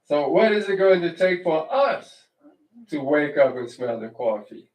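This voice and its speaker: A man delivers a relaxed, conversational sermon at an unhurried, deliberate pace. He often checks in with his listeners and restarts his phrases as he thinks aloud. The voice sits back from the mic in a roomy, echoing congregation hall. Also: on the high side. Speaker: congregation teacher. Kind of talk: informal Torah-portion sermon. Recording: echoey room, distant mic.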